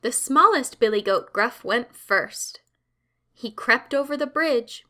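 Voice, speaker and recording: A woman narrating classic children's stories in a slow, clear and expressive storytelling manner. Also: fairly high pitch.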